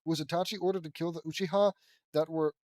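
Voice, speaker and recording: A man's voice: on the high side, steady tone, quick pace, darkish tone, no echo, close to an everyday voice. A man reading a brooding teen boy ninja. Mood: plain. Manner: plain, barely acted.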